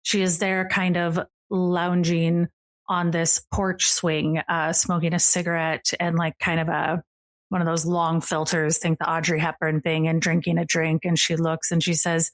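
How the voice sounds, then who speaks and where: A woman game master narrating a tabletop game, her voice set a bit low. She describes scenes casually and rambles, with plenty of fillers. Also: level tone, measured pace, dry recording.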